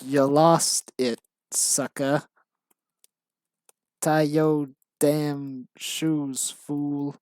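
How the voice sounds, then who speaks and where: A woman voicing a stereotyped, boastful male street thug with a slow, taunting slang drawl. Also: deep voice, little pitch movement, a little mellow, dry recording, clean studio sound.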